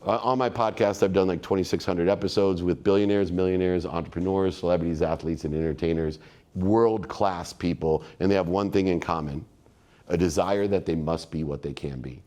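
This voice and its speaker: Man, keynote speaker, motivational speech, emphatic, fairly low voice. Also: brisk, dark tone. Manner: emphatic and repetitive, storytelling.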